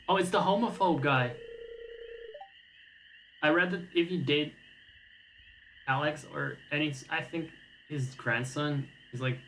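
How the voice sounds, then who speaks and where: A man's voice: on the high side, measured pace, pauses often, a bit bright, slight background noise, low-quality recording. A man streaming a game, casual commentary, wry and profane with rambling asides.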